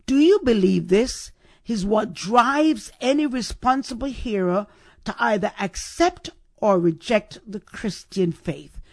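A woman hosting a devotional podcast, giving a reflection on scripture. She repeats her phrases and keeps asking the listener rhetorical questions. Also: mid-range voice.

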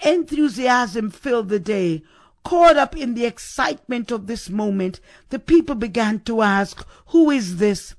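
A man's voice: very high voice, lively intonation, unhurried. A man preaching a sermon, building up to repeated rhetorical questions with emphasis.

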